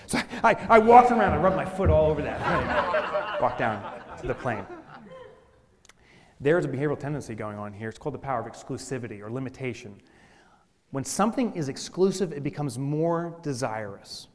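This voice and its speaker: A man telling funny stories as a business speaker in a keynote talk, animated and playful. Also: a little high, a little fast. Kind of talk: humorous keynote storytelling. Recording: long hall reverb.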